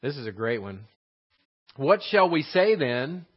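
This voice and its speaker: A man's voice: mid-range voice, big pitch swings, a little slow. Bible teacher man, dull lo-fi sound. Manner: explanatory, rephrasing verses, frequent fillers and restarts. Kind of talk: verse-by-verse Bible lesson. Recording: slightly dull lo-fi recording.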